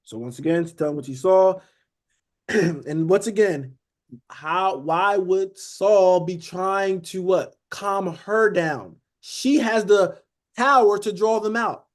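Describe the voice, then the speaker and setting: A man teaching Bible study speaks slowly in a high voice, keeping the tone conversational like a sermon. He animates the lesson by acting out characters and regularly uses "beloved" and "okay?".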